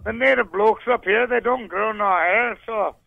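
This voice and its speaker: Hoarse, gravelly profane caller. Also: male voice, sits high, normal speed, no room sound, narrow, tinny audio. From Scotland. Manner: profane, boastful tough-guy bragging. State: hoarse, voice cracking. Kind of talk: crude comic call-in banter.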